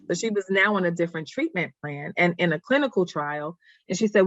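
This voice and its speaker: A woman's voice: mid-range voice, big pitch swings, dry recording. Earnest woman guest on a dull, dry line. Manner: earnest, halting, getting emotional. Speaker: guest, nonprofit founder. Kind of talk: personal storytelling in a podcast interview.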